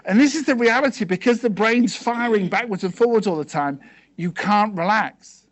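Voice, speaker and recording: A man giving a seminar talk to a live audience, asking them quick questions and checking in with "okay" and "yes?" as he goes. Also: high voice. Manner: conversational, peppered with "okay" and "yes?". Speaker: seminar speaker.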